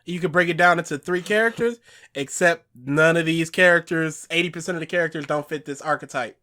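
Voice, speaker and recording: Man, high voice, bright tone, animated, argumentative, casual podcast chat. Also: brisk. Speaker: podcast co-host.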